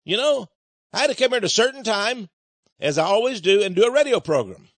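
A man rants on his radio program in a sarcastic, mocking way. His voice sits high and leaps all over the place, jumping from loud jabs down to low grumbles. The sound is dry, with no room around it. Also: expressive, a little fast, no room sound. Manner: mocking, sarcastic, swings between loud outbursts and low mutters. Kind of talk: ranting radio commentary.

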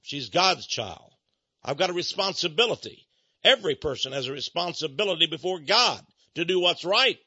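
Male radio talk host, high bright husky voice, indignant rants, dull lo-fi sound. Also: animated, normal speed, dry recording. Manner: indignant ranting, swinging between hushed asides and loud outbursts. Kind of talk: opinionated radio commentary.

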